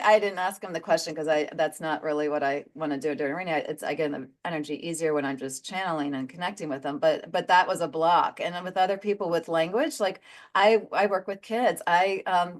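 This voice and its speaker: Woman, 50s, medium and co-host; low-ish voice, animated storyteller who laughs through her own anecdotes. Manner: animated storyteller, laughs often mid-sentence. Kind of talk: casual podcast chat.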